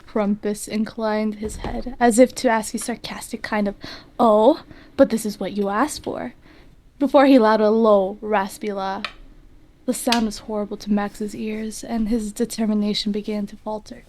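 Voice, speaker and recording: A woman reads fan fiction aloud on a live stream, dramatic one moment and giggling at her own stumbles the next. She has a medium-pitched voice and keeps a light, teasing tone throughout. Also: level tone, normal speed, darkish tone. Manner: giggly, stumbles over words. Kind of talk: comic dramatic reading.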